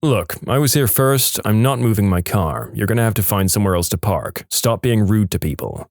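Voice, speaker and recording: A man voicing a calm, tough young man who talks firmly. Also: lowish voice, normal speed, creaky, no room sound, clean studio sound.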